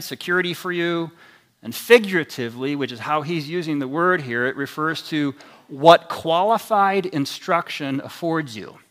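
A man's voice: a little high, fairly bright tone. A man preaching a sermon in an earnest, emphatic way, his intensity rising and falling as he teaches. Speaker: pastor.

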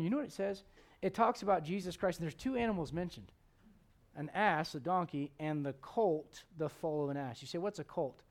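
A man preaching a sermon, telling stories and acting out the quotes, sometimes dropping to a hushed tone. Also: on the high side. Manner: animated storytelling, acts out quotes, drops to hushed tones.

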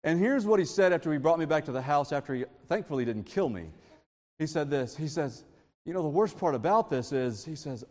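High-voiced preacher in a reverberant hall. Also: male voice, normal speed, a little hiss or hum. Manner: storytelling, informal and animated. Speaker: pastor. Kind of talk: sermon. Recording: long reverb of a large hall.

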